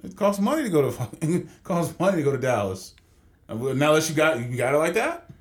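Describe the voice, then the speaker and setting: A man's voice: fairly high pitch, sing-song, brisk. A man co-hosting a podcast, laid-back and joking in casual chat. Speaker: podcast co-host.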